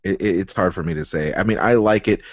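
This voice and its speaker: Deep-voiced halting podcast co-host. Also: male voice, no echo. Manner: halting, restarts a lot. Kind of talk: casual chat. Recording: dry, dull lo-fi podcast audio.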